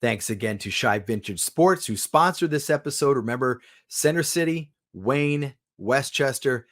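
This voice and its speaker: A man's voice: medium pitch, animated, normal speed, a bit bright. A man, the podcast host, reading a scripted outro and sponsor plug in an upbeat, promotional manner. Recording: music bed underneath.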